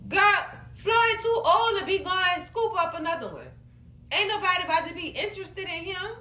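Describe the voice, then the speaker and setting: A woman recapping a TV episode in a sassy, animated way, addressing her viewers as cousins. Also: high-pitched, moderate pace, reverberant, poor audio. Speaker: show recap host. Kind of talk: casual recap commentary.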